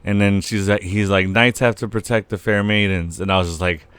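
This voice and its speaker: A man's voice: on the low side, brisk, smooth, dry recording. A young man co-hosting a casual podcast, recapping scenes with lots of swearing and acted-out quotes. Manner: animated, swears a lot, acts out scenes. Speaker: podcast co-host. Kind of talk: casual chat.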